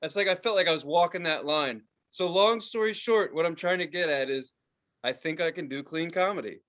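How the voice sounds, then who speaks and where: A man's voice: fairly high pitch, brisk, muffled recording. A man co-hosting a casual podcast, telling a work story and acting out every quote with lots of laughter. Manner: animated storyteller, acts out quotes, laughs often. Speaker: podcast co-host.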